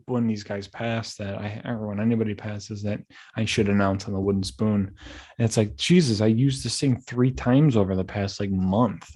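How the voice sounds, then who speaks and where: A young man hosting a podcast, rambling through animated stories full of restarts. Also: mid-range voice. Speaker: podcast host. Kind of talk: casual chat.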